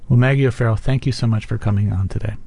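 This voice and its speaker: A man's voice: on the low side, steady tone, rapid-fire, vocal fry, warm tone, slightly rough, no echo. A man hosting a radio interview, asking plain conversational questions.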